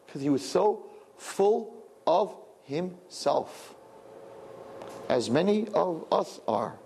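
A man teaching a lively Torah lesson, animated and joking, asking rhetorical questions. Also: high-pitched, slow, creaky, pauses often, breathy edge.

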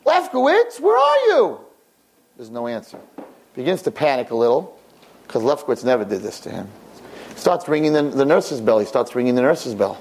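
A man telling a story aloud in an animated, repetitive, expressive way. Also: brisk, a little hiss or hum. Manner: repetitive, expressive, rising pitch at high points.

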